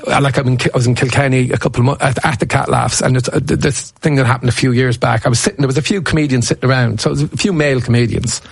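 Gravelly man in his fifties. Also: medium pitch, fairly even intonation, racing, few pauses, dry recording. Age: 50s. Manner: rambling anecdotal storyteller with restarts. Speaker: stand-up comedian guest. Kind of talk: casual interview chat.

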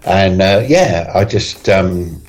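Low-voiced genial man in his sixties. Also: lively intonation, takes it slowly, a little mellow, poor audio. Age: 60s. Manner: genial, rambling, with fillers and chuckles. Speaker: guest comedian. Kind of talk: relaxed interview chat.

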